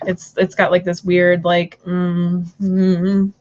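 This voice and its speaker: A woman's voice: fairly low pitch, monotone, takes it slowly, a little mellow, a little hiss or hum. Chatty New woman, dull audio. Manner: rambling, chatty, many fillers and restarts. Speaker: tarot reader and shop owner. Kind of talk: casual live-stream chat.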